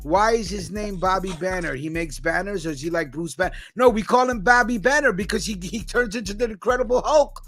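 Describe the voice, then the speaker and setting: Brief: New York podcast host, high bright voice, faint music underneath. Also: male voice, a little fast, hardly any pauses. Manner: animated storytelling, loud outbursts and laughs. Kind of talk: casual chat.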